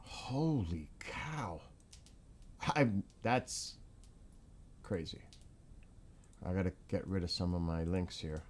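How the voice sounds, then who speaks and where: A man's voice: low voice, moderate pace, hardly any pauses, darkish tone, a little hiss or hum. A man hosting a casual livestream, reading viewer chat and exclaiming in astonishment, often repeating himself.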